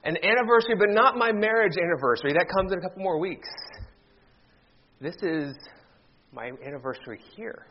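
Casting note: male pastor in his thirties, from Ohio, high light voice, slightly dull recording, storyteller with a goofy sense of humor. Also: animated, a little fast, long pauses, a little hiss or hum. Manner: jokey storyteller turning heartfelt. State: briefly emotional. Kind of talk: sermon with a joke opening. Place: church sanctuary.

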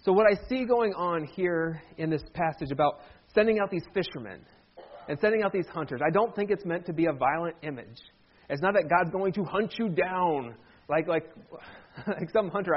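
A man's voice: sits high, lively intonation, fairly quick, highs cut off. A man preaching a sermon as pastor in a church, conversational with joking asides.

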